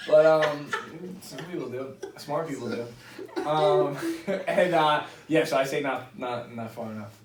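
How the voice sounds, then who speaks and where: A man's voice: fairly high pitch, a little slow, crowd noise. Profane, joking man in a roomy room. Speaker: podcast host. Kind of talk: casual chat. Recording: roomy, distant mic.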